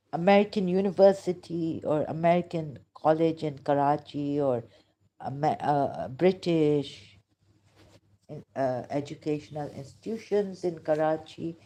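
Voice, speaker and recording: A woman delivers an impassioned monologue in a low, mellow voice. She talks slowly and emotionally, often stopping to restart her sentences. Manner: emotional, halting, with many pauses and restarts. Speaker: religious critic vlogger.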